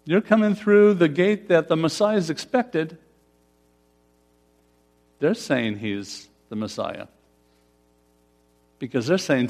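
A man's voice: fairly high pitch, lively intonation, slow, pauses often, darkish tone. A pastor preaching a conversational sermon, putting questions to his congregation. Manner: conversational, asks the congregation questions, laughs often.

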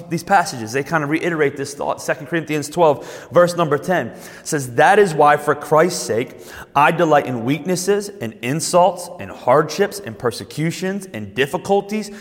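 A man preaching a sermon as pastor. He repeats and restarts words, then slows down and lifts his voice to stress key points. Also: a little high, big-room sound.

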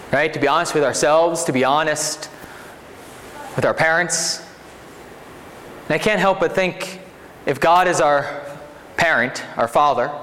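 A male pastor delivering a relaxed, conversational sermon and regularly asking his listeners to agree. His voice rings with long reverb in a large hall, with faint noise underneath. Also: on the high side. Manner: conversational, asks 'right?' often.

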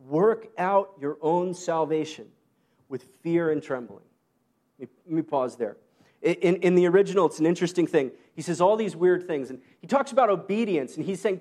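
A man preaching a sermon in a relaxed, conversational way, with joking asides and short laughs. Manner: conversational, self-deprecating asides and quick laughs; rises high when quoting Paul. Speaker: pastor.

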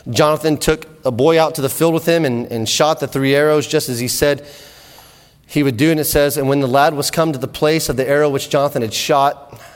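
A man preaching a sermon in animated storytelling style, often repeating words, in an echoey hall. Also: fairly high pitch, brisk.

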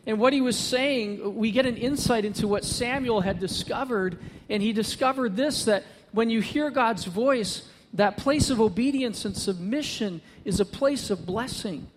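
A man's voice: high-pitched, moderate pace, few pauses, in a large hall, noisy background. A man preaching a sermon as pastor, earnest and building to emphatic repetition, speaking to a congregation.

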